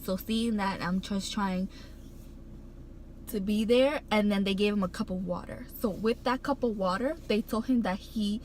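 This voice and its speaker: A woman speaks to camera about something personal, circling back and restarting her sentences with a steady stream of fillers. Her voice sits at an ordinary middle pitch and carries real emotion, at times close to tears. A faint background hiss runs under the recording. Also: normal speed, poor audio. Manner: rambling, heartfelt, many "like" fillers and restarts; emotional, getting choked up while recounting. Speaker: vlogger.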